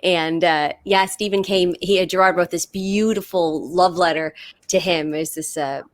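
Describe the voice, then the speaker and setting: A woman chatting casually as a guest performer, telling stories in an animated, excited way over a video call from home. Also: fairly low pitch, normal speed, dry recording. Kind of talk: casual chat.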